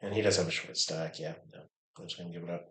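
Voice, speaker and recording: A man casually commenting on his own online poker game, thinking aloud with many hesitations and low mutters. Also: fairly even intonation, fast talker, fairly bright tone, echoey room. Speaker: poker streamer.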